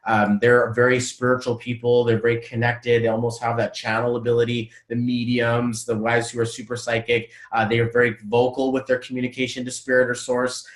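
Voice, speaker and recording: A man's voice: medium pitch, a little fast, few pauses. Gushing man with a roomy echo. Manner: animated and gushing, full of fillers, slang and acted-out quotes. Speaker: numerology coach. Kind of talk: casual webinar talk. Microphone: video call.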